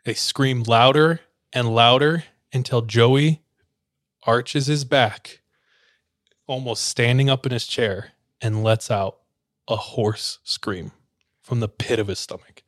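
A man's voice: medium pitch, fairly even intonation, normal speed, dry recording, studio quality. A man hosting a podcast, telling a story in casual chat and acting out the chants he quotes. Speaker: podcast host.

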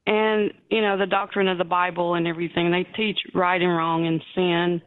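A woman's voice: lowish voice, flat delivery, normal speed. A woman calling in to a radio show, asking her question hesitantly and politely. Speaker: caller. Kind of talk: phone-in question. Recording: tinny phone line.

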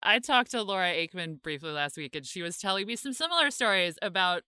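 A woman's voice: fairly low pitch, expressive, a little fast, bright, forceful tone, clean tone, no room sound, studio quality. A woman co-hosting a podcast, asking chatty, hesitant questions. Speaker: podcast co-host. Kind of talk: interview conversation.

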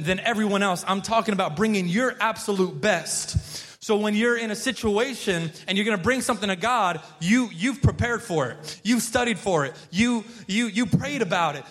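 A man's voice: sits high, fairly bright tone. A man preaching a sermon as pastor, in a loose, conversational way, often restarting and repeating words and prompting the congregation to respond. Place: church sanctuary. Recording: long hall reverb.

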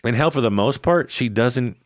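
A podcast co-host with a mid-range, lively voice at normal speed shares a personal story in casual conversation, candid and swearing freely. The sound is clean studio audio with no room echo.

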